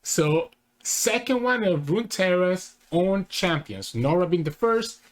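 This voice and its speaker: A man's voice: high-pitched, animated, unhurried. A man hosting a casual reaction video, rambling and correcting himself mid-thought. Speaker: channel host.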